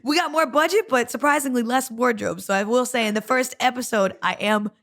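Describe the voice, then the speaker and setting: A woman's voice: a little high, a little fast, fairly bright tone. A young woman talking as a podcast guest, playful and self-mocking, laughing as she talks. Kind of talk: casual interview chat.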